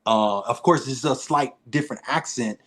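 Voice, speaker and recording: Animated storytelling man, actor guest. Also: medium pitch, normal speed. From Haitian-American. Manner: lively, acts out quoted dialogue, laughs often. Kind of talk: animated storytelling in a podcast interview.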